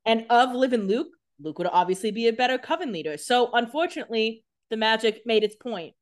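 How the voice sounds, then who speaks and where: A woman's voice: fairly high pitch, expressive, a little fast. A woman co-hosting a casual TV recap podcast, blunt and opinionated with casual swearing. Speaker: podcast co-host.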